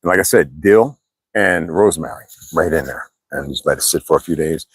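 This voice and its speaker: An older US East Coast man hosts a livestream, chatting casually in a rambling, profane way and answering viewers as he goes. He has a bass voice with vocal fry and a breathy edge, and he talks briskly. The recording is low quality, with no echo.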